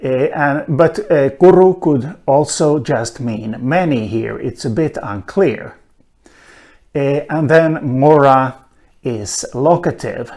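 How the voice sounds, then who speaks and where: A man giving a linguistics lecture, talking slowly with many "uh" fillers and an occasional dry aside. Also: medium pitch, a little mellow. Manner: slow, hesitant, frequent "uh" fillers, dry asides. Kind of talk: recorded online lecture.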